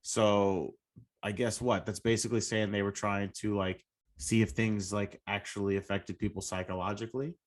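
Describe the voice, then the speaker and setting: A man's voice: fairly low pitch, flat delivery, moderate pace. A man in his thirties co-hosting a podcast, chatting easily with lots of "like" fillers. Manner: easygoing, filler-heavy with frequent "like". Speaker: podcast co-host. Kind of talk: casual chat.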